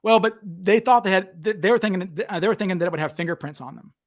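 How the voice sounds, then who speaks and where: A fast-talking podcast host with a high voice runs a relaxed talk show, eagerly telling stories in a casual chat. He is animated and acts out quotes, jumping into other people's voices and raising his own when quoting them.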